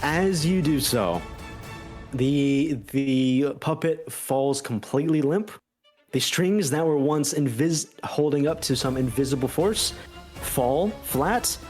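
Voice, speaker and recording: A man narrating as game master of a tabletop game, with halting restarts. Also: fairly high pitch, a little mellow, soft background music.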